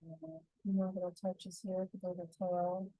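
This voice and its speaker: A woman teaching a painting tutorial, talking calmly and gently through each brushstroke. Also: on the low side, unhurried, no room sound, rough recording. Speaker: painting instructor.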